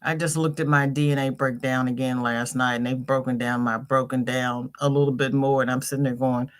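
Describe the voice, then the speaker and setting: A woman's voice: rumbling low, flat delivery, a little fast. A middle-aged woman hosting a crochet livestream, chatting casually, reading viewers' comments aloud and greeting them by name with laughter.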